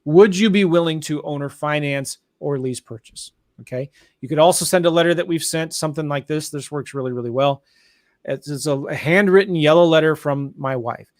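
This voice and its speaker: A man hosting a live online tutorial, talking excitedly and addressing viewers directly as guys. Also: a little high, dry recording, studio quality. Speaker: show host. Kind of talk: enthusiastic live tutorial chat.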